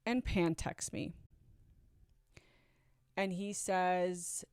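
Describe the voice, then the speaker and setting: A woman in her forties telling her own story earnestly, swinging from loud urgency to hushed asides. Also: medium pitch, normal speed, no room sound, studio quality. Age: 40s. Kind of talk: confessional storytelling.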